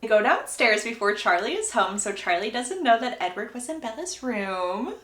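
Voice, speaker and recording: A young woman tells a story in a lively, sassy, gossipy way, her voice swooping high and low. Her tone is bright and sharp. The room gives her voice a noticeable echo. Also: moderate pace. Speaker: book recap creator. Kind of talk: casual storytelling recap. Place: indoor room. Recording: roomy echo.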